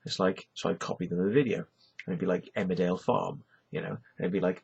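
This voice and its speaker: A middle-aged Welsh man talks to camera in a loose, rambling way, leaning on "you know" again and again. His voice sits low and gravelly, with a deeply husky edge. The recording sounds muffled and lo-fi. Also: steady tone, fast, a little mellow. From Wales. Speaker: YouTuber. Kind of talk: casual rambling monologue.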